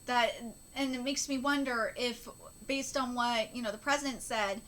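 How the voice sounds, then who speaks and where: Woman in her thirties, live manga reaction streamer, halting with fillers, near tears, high bright voice. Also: steady tone. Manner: halting, tearful, many fillers. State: close to tears.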